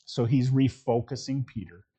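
A middle-aged man preaching a sermon in a relaxed, conversational way, with reflective chuckling asides and frequent restarts. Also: medium pitch, moderate pace, husky. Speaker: pastor.

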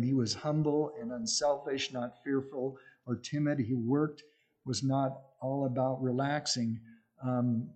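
Middle-aged male preacher, earnest conversational sermon delivery, warm dark tone. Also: medium pitch. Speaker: missionary speaker.

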